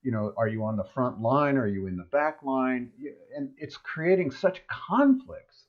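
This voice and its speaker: A man's voice: mid-range voice, lively intonation, unhurried, highs cut off. A man co-hosting a casual spiritual chat show, talking in a loose, rambling way. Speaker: co-host.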